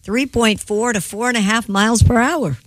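A woman's voice: fairly high pitch, no echo. A woman reading the news on a radio show, playful with the hosts. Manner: playful, quick to laugh.

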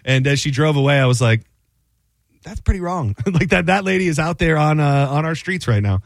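A man's voice: on the high side, a little fast, creaky, dry recording, studio quality. A man in his thirties co-hosting a talk show, telling rambling stories and acting out what people said. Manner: rambling, animated storyteller who acts out quotes. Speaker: radio show co-host. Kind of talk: casual banter storytelling.

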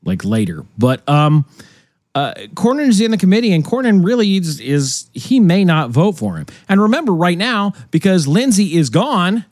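Male co-host, high and very lively pitch, mocking and animated delivery, dry close sound. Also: moderate pace, no room sound. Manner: animated, mocking impressions, frequent laughs. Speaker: podcast co-host. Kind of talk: casual political chat.

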